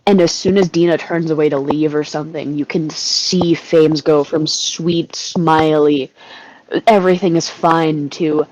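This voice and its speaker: A woman's voice: deep voice, steady tone, a little slow, a little mellow, muffled recording, slight background noise. A woman co-hosting a casual group podcast, talking bluntly and swearing freely. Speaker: podcast co-host.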